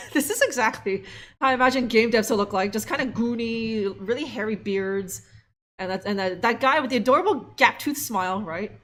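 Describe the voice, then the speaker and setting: A woman's voice: a little high, moderate pace, fairly bright tone. A young woman streaming a game live, giving sarcastic, profane commentary full of laughs and fillers.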